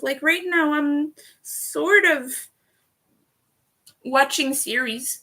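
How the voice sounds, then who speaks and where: A woman's voice: high voice, very slow, long pauses, sharp tone. A young woman chatting candidly on a livestream, heated at times and swearing freely. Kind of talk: casual livestream chat.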